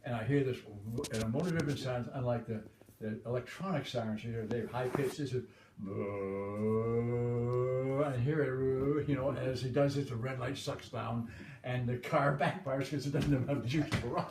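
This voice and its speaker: A man's voice: mid-range voice, brisk. An older man from the Boston area telling anecdotes in a chuckling, rambling, folksy way. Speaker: storyteller. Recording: roomy, distant mic, background noise.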